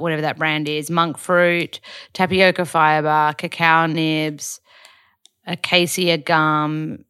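An Australian vlogger and podcaster, a young woman, rambles casually about her routine for a video diary. Her lowish voice is clear, resonant and a bit bright, recorded dry.

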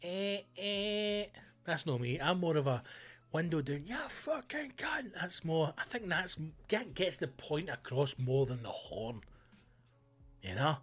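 A man with a Scottish accent hosting a comedy podcast, ranting loudly and swearing a lot. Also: on the high side, unhurried, soft background music. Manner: loud, sweary, animated ranting.

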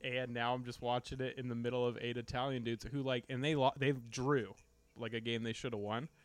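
A man's voice: medium pitch, flat delivery, a little fast, no room sound. An American man chatting casually on a podcast, telling a story with lots of likes and you-knows. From United States. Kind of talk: casual chat.

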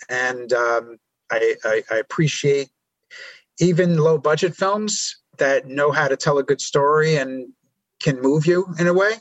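A man from New York talks as a guest in a relaxed interview, his voice a touch higher than most. He stumbles and repeats words as he gathers his thoughts, recorded dry with little room sound. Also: dry recording, rough recording. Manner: halting, repeats words while thinking. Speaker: podcast guest, filmmaker. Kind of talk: casual storytelling interview. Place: around a table with hosts.

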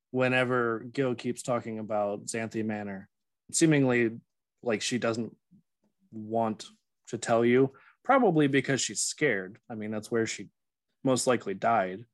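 A man running a tabletop game as game master, casual and quick to laugh. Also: medium pitch, steady tone, no room sound, clean studio sound.

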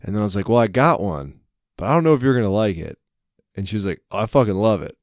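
Talking fast in a lowish voice, a podcast co-host tells jokey, lively stories in a casual chat. It's studio-quality audio with no room sound.

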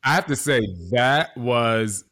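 Brief: easygoing man, medium pitch, relaxed and wry. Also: takes it slowly. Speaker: interview guest. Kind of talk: casual conversation.

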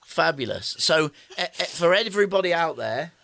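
A man co-hosts a casual podcast in a bright, clear tone. His pitch rises and falls a lot as he explains things logically and teases his co-host. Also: animated, moderate pace. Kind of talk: casual chat.

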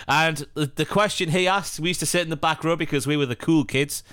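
Guy in his 30s, chatty football podcast, fairly high voice, dry close sound. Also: brisk, dry recording. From northeast England. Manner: animated, laughs often, storytelling. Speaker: podcast co-host. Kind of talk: casual football chat.

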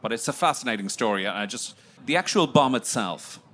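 A man's voice: medium pitch, expressive, brisk, bright, forceful tone. A man co-hosting an interview, jumping in with leading questions and stumbling repetitions, recorded at a festival. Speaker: podcast co-host. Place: outdoor festival.

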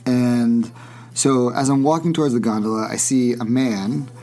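A man's voice: medium pitch, fairly even intonation, moderate pace, dark tone, soft background music. Man, podcast host, casual storytelling, rambling, restarts often. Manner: rambling, frequent restarts and laughs.

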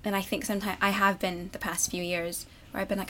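Speaking quickly in a medium pitch, a young adult actress from the United States who works on stage talks openly in a relaxed interview and laughs readily. A little hiss or hum sits under the audio.

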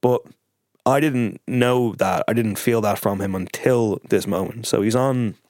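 Dry-sounding man telling animated stories. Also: on the low side, unhurried, no room sound. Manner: animated, emotional storytelling. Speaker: podcast guest, journalist. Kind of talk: casual podcast chat.

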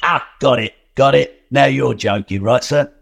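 A man's voice: medium pitch, measured pace, gravelly, noisy background. An actor playing a jokey male police sergeant who laughs along.

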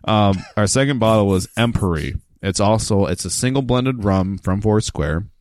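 A man co-hosting a casual podcast chat over drinks, jokey and animated, slipping into mock announcer readings. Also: on the low side, normal speed, no room sound. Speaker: podcast host.

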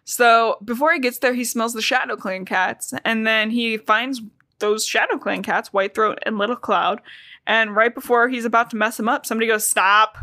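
A young woman hosting a podcast, recapping a book in casual chat, talking fast with lots of "like". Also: a little high, fairly even intonation, bright, forceful tone, no room sound. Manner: chatty, fast, frequent "like" and laughs. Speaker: podcast host.

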